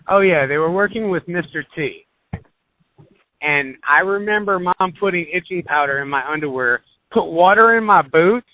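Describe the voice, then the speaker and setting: A man guest reminiscing in a relaxed, lively way on a call-in show. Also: high-pitched, dry recording. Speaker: guest, family member. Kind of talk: casual reminiscing. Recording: tinny dry phone line.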